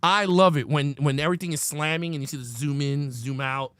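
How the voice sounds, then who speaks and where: A man with a fairly high voice, co-hosting a laid-back film review chat. He retells favorite scenes with lively, enthusiastic energy and drops casual swear words along the way. The sound is close and dry, with no room around it. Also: a little fast, clear, resonant tone, no room sound. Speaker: podcast co-host.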